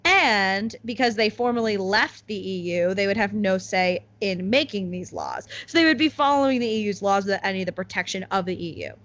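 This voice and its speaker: A young woman chatting casually as a co-host, explaining news with lots of "like" and quick laughs. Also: mid-range voice, lively intonation, fairly bright tone. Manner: chatty, many "like"s, laughs at own jokes. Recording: slightly muffled lo-fi audio.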